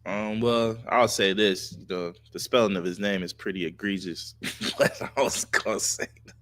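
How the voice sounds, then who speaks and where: Male podcast co-host, bright and forceful tone, dry sound, blunt and profane, repeats for emphasis. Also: on the low side, moderate pace, no room sound. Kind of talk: casual sports chat.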